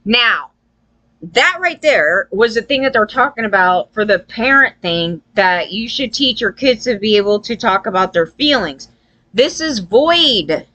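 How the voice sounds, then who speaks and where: A woman's voice: a little high, bright, forceful tone. A woman giving a loose, profane opinion rant to her viewers, often tagging lines with "right?" and acting out quoted people. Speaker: vlogger.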